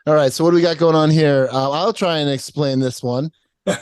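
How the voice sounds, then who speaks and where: A man's voice: a little high, fairly even intonation, fairly quick, darkish tone, smooth, no room sound, clean studio sound. A man co-hosting a podcast in casual chat, joking and laughing often, restarting his sentences. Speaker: podcast co-host.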